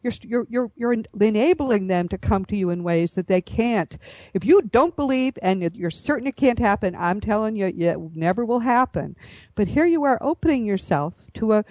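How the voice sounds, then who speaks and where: A woman hosts an interview in a dry, close recording. She speaks at a medium pitch in an earnest, effusive way. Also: animated, moderate pace, darkish tone, no echo. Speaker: host. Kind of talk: interview talk.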